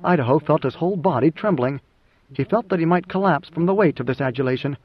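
A man narrating an audiobook in an even, measured storytelling manner. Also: fairly high pitch. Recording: dull lo-fi recording.

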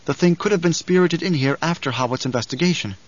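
A man voicing a calm, watchful young nobleman, a duke's son, who speaks in a measured, matter-of-fact way, heard in an audiobook reading. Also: on the high side, lo-fi sound, voice pushed up, close to an everyday voice.

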